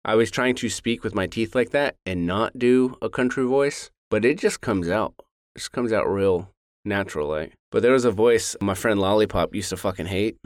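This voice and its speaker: A laid-back man with a lowish voice, chatting on a podcast, swearing freely and laughing a lot. The sound is dry and close to the mic. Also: normal speed, no room sound. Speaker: podcast co-host, voice actor. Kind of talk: casual chat.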